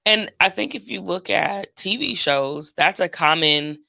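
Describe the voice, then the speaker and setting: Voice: mid-range voice, expressive, measured pace, vocal fry, pushed and bright, dry recording. A podcast host in casual conversation, affirming the guest often and adding their own thoughts. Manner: affirming, frequent "yeah".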